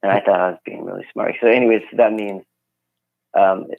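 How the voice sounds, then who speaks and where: A man with a lowish voice speaks through a narrow, tinny phone line. He is a guest musician chatting in a relaxed, rambling way, and the sound is dry and close. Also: brisk, gravelly, no echo. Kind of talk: casual phone interview. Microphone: phone call.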